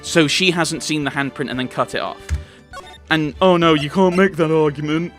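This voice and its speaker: A man doing a let's play of a courtroom game reads the characters' lines aloud in his own voice and vents about the plot, with game music behind him. His voice is on the high side and a bit bright, at a normal speed.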